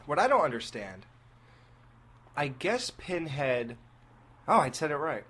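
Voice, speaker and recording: A man co-hosting a casual movie review chat, animated and laughing at his own slips. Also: a little high, a little slow, husky. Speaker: podcast co-host.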